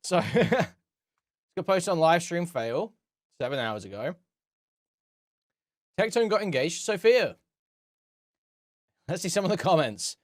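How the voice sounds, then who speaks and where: A sarcastic man hosting reaction commentary, swearing freely and hammering a point by saying it again and again. His voice sits a bit higher than most men's. It is recorded close and dry, with no room sound at all. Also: very animated, unhurried, long pauses, dry recording. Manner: sarcastic, profane, mocking repetition. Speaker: commentary host.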